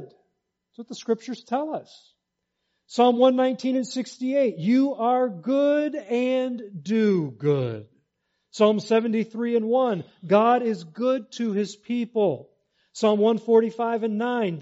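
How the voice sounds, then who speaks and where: A pastor with a high voice preaches slowly and deliberately, leaning hard on repeated phrases and calling the congregation to answer back. The recording sounds dull and lo-fi, with muffled highs. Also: male voice, mellow. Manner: emphatic, repeats key phrases, leads congregation call-and-response. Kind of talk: sermon.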